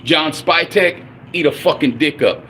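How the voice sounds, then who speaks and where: A man's voice: on the high side, measured pace, fairly bright tone, slight background noise. A man in his forties ranting angrily and profanely as a fan on his own livestream. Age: 40s. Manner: angry, profane, blunt. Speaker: livestream host.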